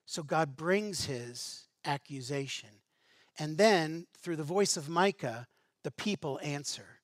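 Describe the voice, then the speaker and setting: A man's voice: fairly high pitch, measured pace, no room sound, studio quality. A male pastor preaching a sermon in a conversational way, asking the congregation rhetorical questions and reading scripture aloud.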